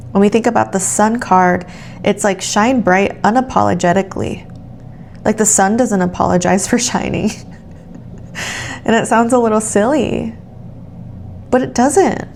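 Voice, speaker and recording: Slow, gravelly-voiced woman tarot reader. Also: mid-range voice, slight background noise. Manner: gentle, affirming, speaks directly to the listener. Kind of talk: soothing channeled tarot reading.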